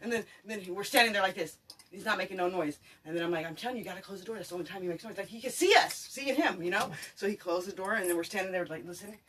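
A speaker telling a story casually to friends, animated and full of swearing. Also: mid-range voice, very fast. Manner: animated, profane, acts out what people said. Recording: distant mic with crowd noise.

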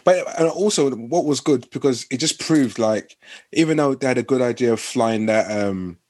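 A man's voice: medium pitch, lively intonation, normal speed, darkish tone. A young man rambling with many fillers in casual podcast chat.

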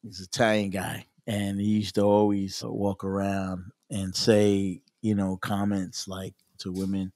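A man's voice: low voice, a little slow, hardly any pauses, no room sound, studio quality. Easygoing laughing male podcast host. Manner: relaxed, laughing often, peppered with "you know". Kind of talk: casual chat.

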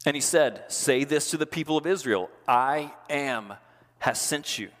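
A man preaching a sermon as pastor, chatty and casual, slowing down and dropping his voice to stress key words. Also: a bit bright. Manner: conversational preaching, slows and drops low for emphasis. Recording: long hall reverb.

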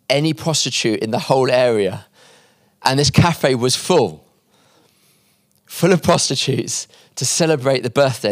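A man's voice: medium pitch, dry recording. Man preaching with a dry close sound. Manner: acts out quoted voices in the story; drops quiet and slow at emotional points. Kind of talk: sermon storytelling. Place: conference hall.

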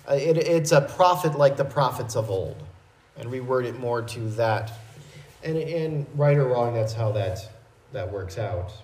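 A man preaching a verse-by-verse Bible teaching in a measured, explanatory way, with small restarts. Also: medium pitch, a little mellow, reverberant, low-quality recording.

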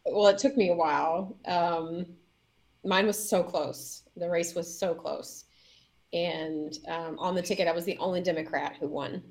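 A woman mayor in an interview, telling a story in a lively way, laughing and acting out what people said. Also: a little slow, rough recording. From Indiana, US. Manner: lively, laughing, acts out quotes with big pitch jumps. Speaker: mayor, guest.

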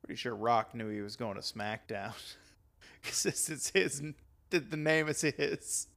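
A man's voice: mid-range voice, measured pace, creaky, a bit bright. A man co-hosting a casual podcast, rambling and laughing often as he chats. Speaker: podcast co-host. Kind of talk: casual chat about wrestling.

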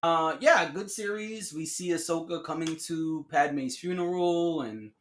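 This man co-hosts a laid-back podcast conversation in a fairly high, slightly slow voice. He's animated and slangy, performing the quotes he repeats with plenty of energy.

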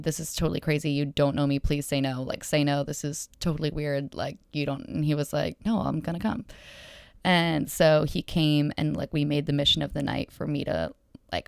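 A woman's voice: low voice, gravelly, smooth, dry recording, studio quality. A young woman rambling through a dating story to her followers, chatty and full of fillers, acting out each exchange. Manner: chatty and rambling, filler-heavy, acts out dialogue. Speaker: solo storyteller.

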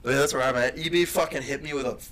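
A young man co-hosting a podcast, telling profane, rambling stories in casual chat with loud bursts. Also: medium pitch, fast talker. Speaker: podcast co-host.

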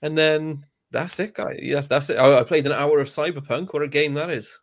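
A man's voice: on the high side, moderate pace, dry recording. A man chatting on a gaming podcast, laid-back and self-deprecating, with casual swearing. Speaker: podcast co-host.

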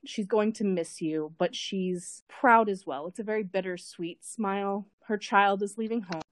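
A woman narrating a tabletop role-playing scene as game master, unhurried, thinking aloud with frequent fillers and repeated words. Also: mid-range voice, no echo.

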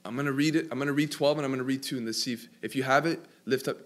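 Delivering a sermon, a man poses questions to his listeners, slowing down and lifting his pitch whenever he wants to stress an important word.

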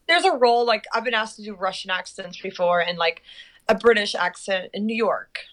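A woman's voice: medium pitch, a bit bright. A young adult woman, a guest actress, chatting bubbly and giggly on a podcast. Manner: bubbly, giggly, quick asides. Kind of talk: casual podcast chat.

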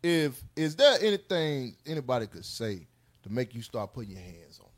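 A man's voice: medium pitch, big pitch swings, normal speed. A man hosting a podcast, asking playful, teasing questions in casual chat and laughing a lot. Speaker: podcast host. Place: podcast studio.

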